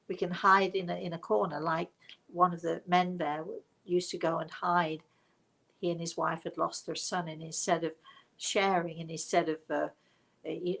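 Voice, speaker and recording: A woman's voice: on the low side, gravelly, breathy edge, rough recording. A British woman, a spiritual medium, telling stories to a livestream audience in a reflective, self-mocking way. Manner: reflective and warm storytelling, with self-mocking laughs. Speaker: spiritual medium hosting a live show.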